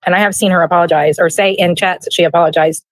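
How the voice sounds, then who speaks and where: A woman's voice: on the low side, fairly even intonation, fast, no room sound. A woman guest on a stream speaking hesitantly and conciliatory.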